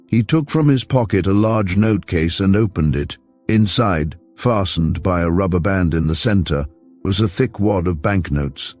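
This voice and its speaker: A man reading a crime novel aloud in an even, measured way as audiobook narrator. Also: low-pitched, soft background music. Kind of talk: scripted narration.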